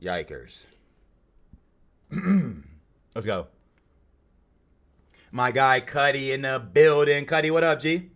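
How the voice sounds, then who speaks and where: A man's voice: mid-range voice, lively intonation, takes it slowly, long pauses, fairly bright tone. Slangy young male streamer chatting casually. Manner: slangy, hypes up chat, greets viewers by name. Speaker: streamer and podcast host. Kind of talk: casual live stream chat.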